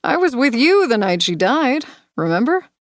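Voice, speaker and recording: A woman voicing a smooth, manipulative man in an audiobook thriller, speaking softly and coaxingly. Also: on the high side, normal speed, no echo, clean studio sound, voice pushed up. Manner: soft, coaxing, sinister calm. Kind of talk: audiobook character voice.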